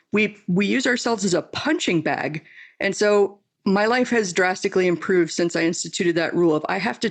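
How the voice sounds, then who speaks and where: A woman hosting a podcast, speaking in a heartfelt, frank way with some mild swearing. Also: mid-range voice. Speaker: podcast host. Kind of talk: casual interview talk.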